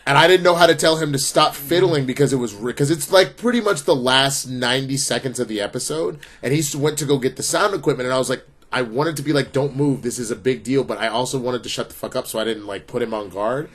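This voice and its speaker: A man hosting a casual review chat who tells stories in an animated, profane, joking way. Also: medium pitch, fast, hardly any pauses. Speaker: show host.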